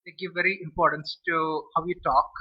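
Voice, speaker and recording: A man's voice: fairly high pitch, flat delivery, a little fast, slightly rough. A man from India, chatting casually to camera as a food vlogger, rambling and restarting his phrases. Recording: dull lo-fi recording.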